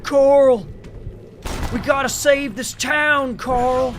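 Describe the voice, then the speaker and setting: A man voicing a zealous, excitable crusader who keeps shouting orders at a companion. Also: extremely high pitch, drawn-out words, noisy background, voice pushed up, full character voice. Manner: shouting, far from the mic.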